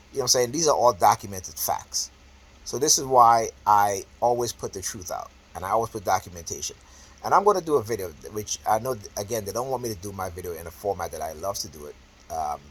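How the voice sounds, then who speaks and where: In poor audio, a man with a lowish, husky voice vlogs casually to the camera, talking off the cuff. He's emphatic and repetitive, often checking in with "right?" and "okay?" and restarting or correcting himself as he goes.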